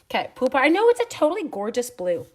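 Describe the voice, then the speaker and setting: A woman's voice: high-pitched, wildly swooping pitch, fast talker, slight background noise. A middle-aged woman giving a chatty live craft demonstration from her home craft room, greeting viewers as she works. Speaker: stamping demonstrator.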